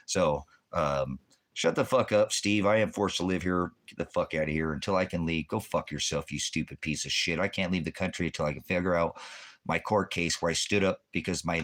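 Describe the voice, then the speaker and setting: Man, deep voice, angry profane rant, rambling, scripture quotes, livestream host. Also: fairly bright tone.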